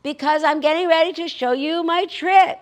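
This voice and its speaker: Woman voicing an excitable trickster coyote. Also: fairly high pitch, moderate pace, breathy edge, voice pushed up, exaggerated voice. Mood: insistent. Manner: pleading, keyed-up, insistent. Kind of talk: spoken storytelling.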